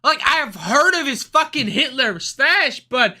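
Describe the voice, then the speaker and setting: A male streamer ranting casually on a livestream, profane and excitable, rambling from one thought to the next. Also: extremely high pitch, measured pace.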